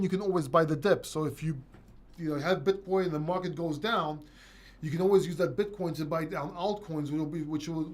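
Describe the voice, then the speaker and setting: A man hosting a casual livestream, reading viewers' questions aloud and answering them loosely. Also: on the high side. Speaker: crypto livestream host. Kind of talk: casual live-chat Q&A.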